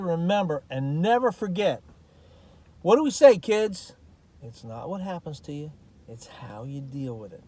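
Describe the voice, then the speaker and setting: A middle-aged American man with a fairly high-pitched voice talks in a casual vlog. His delivery is folksy and plain-spoken, and he vents with repeated asides and restarts. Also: darkish tone. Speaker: vlogger.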